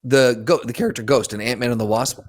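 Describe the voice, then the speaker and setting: A man co-hosting a comedy podcast, trading dry, wry jokes in casual chat. His voice sits at an ordinary middle pitch. The recording is close and dry from a studio mic. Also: fast, no echo. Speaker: podcast co-host.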